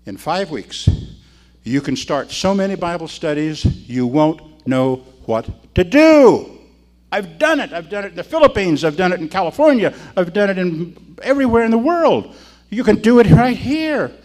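An older man preaching a sermon as a pastor, telling stories with animated emphasis and repeating phrases. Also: high voice, moderate pace.

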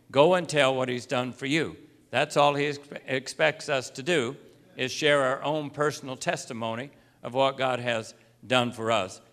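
A man preaching an unscripted sermon, telling folksy stories and acting out the voices of the people in them. He clears his throat often. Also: medium pitch, a bit bright. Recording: long hall reverb.

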